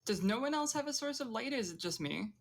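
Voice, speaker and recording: A woman playing a tabletop role-playing game, talking hesitantly with many pauses and fillers. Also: on the high side, animated. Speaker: player. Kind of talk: casual tabletop play.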